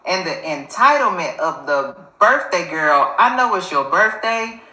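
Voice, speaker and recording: A woman's voice: lowish voice, sing-song, a little slow, bright, forceful tone, echoey room, low-quality recording. Emphatic woman giving her opinion. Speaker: commentator. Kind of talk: reaction commentary.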